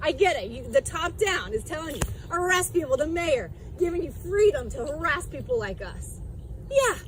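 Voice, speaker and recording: A woman shouting angrily and swearing at someone while filming herself outdoors in a public park, her voice going sore. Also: high-pitched, very animated, moderate pace. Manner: shouting, angry, profane. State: voice getting sore. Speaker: protester filming a livestream. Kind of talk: heated livestreamed confrontation.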